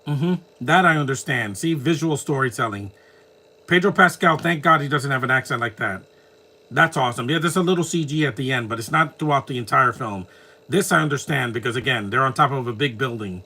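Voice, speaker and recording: A man's voice: mid-range voice, brisk, pushed and bright. A man from New York with a New York accent, giving casual live commentary on a movie with joking, laughing reactions. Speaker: movie watch-along commentator.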